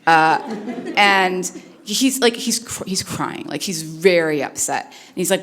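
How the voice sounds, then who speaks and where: A woman's voice: deep voice, steady tone, normal speed. A woman speaker telling a personal story on stage in an earnest, conversational way with many fillers. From Canada. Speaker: keynote speaker.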